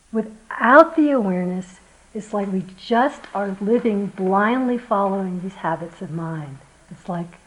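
A woman teaching meditation at a retreat, giving a gentle, reflective dharma talk and sometimes acting out voices as she tells a story. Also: medium pitch, low-quality recording.

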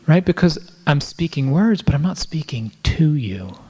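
Husky man giving a reflective dharma talk. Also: fairly high pitch, big pitch swings, normal speed, few pauses. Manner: reflective, with frequent restarts and soft asides. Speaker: meditation teacher. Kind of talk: dharma talk to a live audience. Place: room with a live audience.

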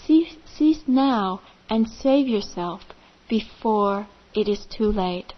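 A woman's voice: mid-range voice, animated, slow, muffled recording. A woman voicing a solemn, majestic golden eagle in a told fable, who commands and warns. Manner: solemn, commanding, urgent warnings.

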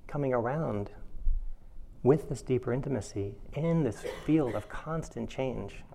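A man's voice: mid-range voice, measured pace, vocal fry, slight background noise. A man giving a reflective dharma talk as a meditation teacher. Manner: reflective, animated when telling a funny story.

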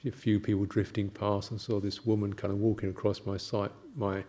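An older man, a Buddhist monk, giving a gentle, halting reflective talk with anecdotes and soft laughs. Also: on the low side, little pitch movement.

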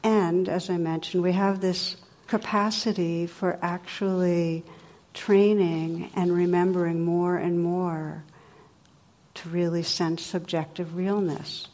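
A middle-aged woman giving a dharma talk as a meditation teacher, telling stories in a gentle, conversational way. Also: fairly low pitch, little pitch movement, slow pace. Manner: gentle, conversational storytelling with playful sound effects.

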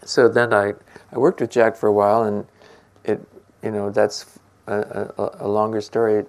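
Gravelly older man giving a dharma talk. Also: fairly low pitch, flat delivery, moderate pace. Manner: gentle, musing, laughs often. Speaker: meditation teacher.

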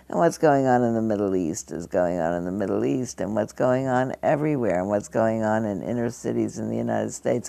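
A woman past seventy gives a dharma talk, telling stories in an easy conversational way and chuckling often. Her voice sits very low with a gravelly fry. The sound is dry, with little room around it. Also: dark tone, no echo. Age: over 70. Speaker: meditation teacher. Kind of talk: dharma talk to a live audience. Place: meditation hall.

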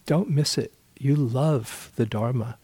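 Man, meditation teacher, unhurried dharma talk, mid-pitched, relaxed anecdotes. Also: slightly rough, no echo. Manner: relaxed storytelling with soft laughs.

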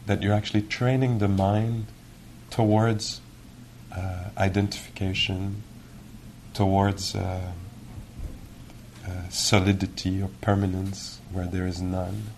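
A man giving a meditation teacher's dharma talk in a gentle, reflective, musing way, with many pauses. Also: sits low, flat delivery, gravelly, slight background noise. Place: retreat hall.

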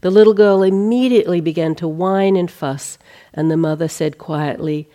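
A middle-aged woman meditation teacher giving a dharma talk on retreat, telling stories in a gentle, unhurried way with light humor. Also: on the low side.

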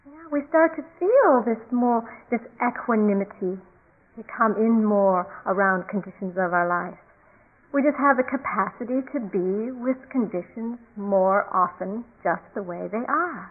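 A woman meditation teacher giving a calm, reflective dharma talk, often repeating key phrases. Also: mid-range voice, a little slow. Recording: tinny phone-like recording.

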